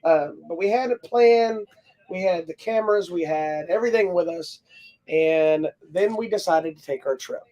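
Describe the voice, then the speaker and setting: A podcast co-host from Texas chatting casually, clearing the throat often and telling a long trip story with many restarts. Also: mid-range voice, moderate pace, dark tone. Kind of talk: casual chat.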